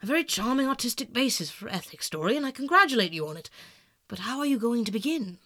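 A man reading aloud, voicing a worldly, cynical older male aristocrat who speaks smoothly and persuasively, in a dry, close sound. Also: extremely high pitch, big pitch swings, fast, pushed and bright, no echo, heavily acted. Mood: incredulous. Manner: smooth, epigrammatic, coolly persuasive. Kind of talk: audiobook narration.

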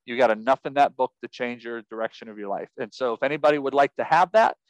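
A man telling a story as an interview guest, lively and laughing often, acting out what people said. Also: medium pitch, fast talker, no echo, low-quality recording. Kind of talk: animated storytelling.

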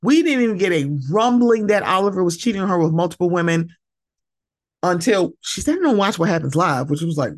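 Woman, podcast host, solo casual chat. Lively, expressive delivery that swears freely; close, dry recording. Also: lowish voice, a little fast, no room sound. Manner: animated and emphatic, swears freely, acts out quoted voices.

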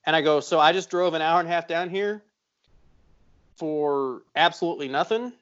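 A podcast co-host chats casually in a somewhat high male voice, swearing freely as he rambles through a story. The recording sounds dull and lo-fi. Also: moderate pace, fairly bright tone.

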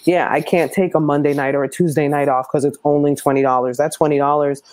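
A woman stand-up comedian chatting as a guest in an interview, telling stories in an animated, quick way. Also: low voice. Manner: animated storyteller, quick, laughs often. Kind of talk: casual interview chat.

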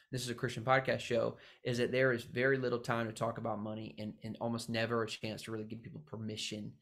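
A man's voice: on the low side, creaky. A man hosting a Christian real estate podcast, talking in an earnest, rambling, preachy way with frequent restarts. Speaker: podcast host. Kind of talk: passionate podcast monologue.

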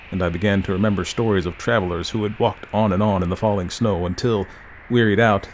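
A man narrating a Victorian ghost story in a measured, dramatic reading style. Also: on the low side, slight background noise, rough recording. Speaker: audiobook narrator.

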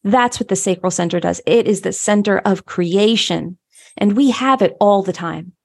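Woman, motivational teacher, upbeat, emphatic, repeats key phrases, mid pitch. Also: normal speed, slightly rough. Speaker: human design teacher.

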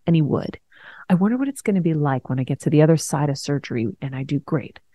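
Frank, animated woman host. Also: deep voice, fast, dry recording. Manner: frank, animated, swears and laughs while telling hard news. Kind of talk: candid conversational storytelling.

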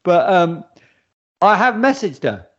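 High-voiced man, casual podcast chat. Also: slow, lo-fi sound. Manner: animated storytelling, laughs often. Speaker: podcast co-host.

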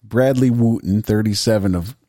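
A man's voice: lowish voice, normal speed, dark tone, no echo, studio quality. A man co-hosting a podcast, chatting casually with jokes, swearing and frequent laughs. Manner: joking, profane, laughs often. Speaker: podcast co-host.

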